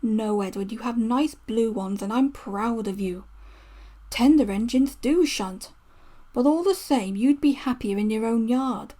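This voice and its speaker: A woman's voice: on the high side, unhurried, warm tone. Woman reading as a stern portly railway boss. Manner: severe, formal.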